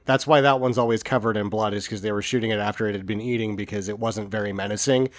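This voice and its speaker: A man's voice: on the low side, steady tone, fast, no echo. A man chatting casually about a film, making wry remarks and swearing now and then. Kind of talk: casual movie chat.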